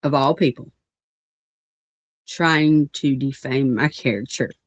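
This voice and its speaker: A woman's voice: very deep voice, slow pace, no echo. A woman rants on a livestream in a blunt, profane and rambling way, with many fillers. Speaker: livestream host. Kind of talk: livestream rant. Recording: dull lo-fi stream audio.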